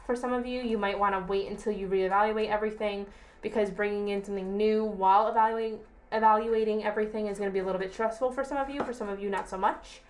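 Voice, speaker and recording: A young woman talks through a tarot reading for her viewers. Her voice sits at an ordinary pitch, and she speaks in a relaxed, chatty way. She keeps reassuring the listener and checks in with a friendly "okay?". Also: fast. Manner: chatty, reassuring, repeats herself, asks "okay?". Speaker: tarot reader. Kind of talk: casual tarot reading to camera.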